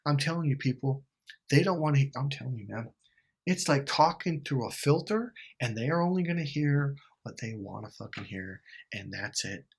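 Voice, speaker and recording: Male vlogger, husky voice, swears freely, rambling and chatty. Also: medium pitch, expressive, normal speed. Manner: profane, rambling, laughs between lines. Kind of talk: casual storytelling vlog.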